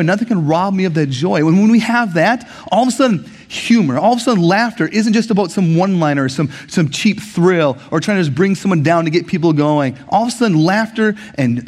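A man preaching a sermon as pastor, conversational and animated, often checking in with the congregation with asides. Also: high-pitched.

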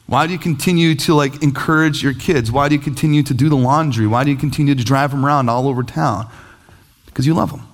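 Lively storytelling male pastor. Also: fairly high pitch. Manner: animated storytelling with self-deprecating humor. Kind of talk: sermon.

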